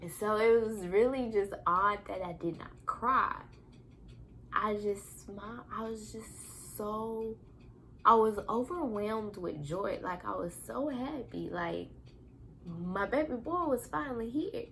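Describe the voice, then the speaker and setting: A young woman tells a personal story in a casual, candid way. Her voice sits at a middle pitch. She is animated and acts out the lines she quotes. Faint noise hums behind her. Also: slow pace. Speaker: vlogger.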